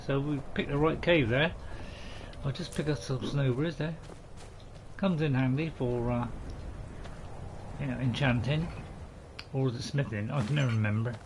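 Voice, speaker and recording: A man's voice: a little high, a little hiss or hum. A man, a gaming host, giving jokey casual let's-play commentary and bantering with game characters.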